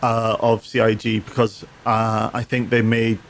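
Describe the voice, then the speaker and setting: A man's voice: on the low side, monotone, measured pace, vocal fry, a little hiss or hum. A man co-hosting a casual gaming chat, reading viewer comments aloud and often restarting his sentences with repeated words.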